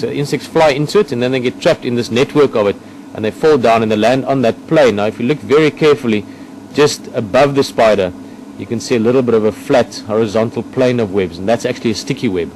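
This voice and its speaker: A man guides a nature outing, describing what he sees in an unhurried, searching way, often pausing to find the right words. His voice sits in a middle pitch. The recording is outdoors, with a clear layer of background noise. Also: darkish tone, low-quality recording. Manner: thoughtful, hesitant, explaining as he looks. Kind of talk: casual on-location nature commentary. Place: outdoors in the bush near a vehicle.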